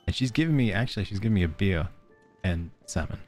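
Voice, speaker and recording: An Australian man streams a cozy game, chatting casually and giggling as he reads the game's letters aloud in a casual let's-play style. His voice is low, a little mellow, and animated, and he talks fast over soft background music.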